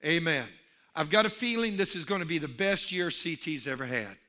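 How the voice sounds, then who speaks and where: A man preaching a sermon as pastor, telling jokes with animated energy and calling out for amens. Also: a little high, fairly quick. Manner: animated storyteller, calls for amen.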